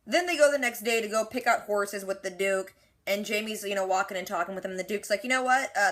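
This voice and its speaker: Bright-voiced woman recapping with playful asides. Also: medium pitch. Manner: animated, acts out characters in quick quoted asides. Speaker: reaction video host. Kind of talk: casual episode recap.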